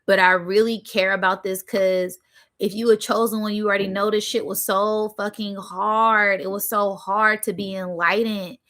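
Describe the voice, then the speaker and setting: A woman's voice: medium pitch, little pitch movement, moderate pace, a bit bright. A young adult woman hosting a spiritual channel, giving an emphatic, preachy monologue full of cursing and repeated "right?" and "y'all", emotional and close to tears. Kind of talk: passionate livestream monologue.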